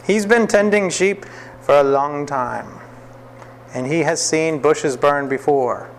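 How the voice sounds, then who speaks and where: A man with a slightly higher voice teaches a Bible class, telling the story with lively energy and acting out what the figures say. He laughs often as he goes, and a faint hiss sits under the recording. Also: slow.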